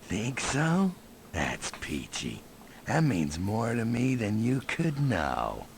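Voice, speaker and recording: A man's voice: lowish voice, wildly swooping pitch, slow, a little hiss or hum, full character voice. An actor playing a laid-back, sarcastic male desk officer in a 1990s adventure game, drawling his words. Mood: wry.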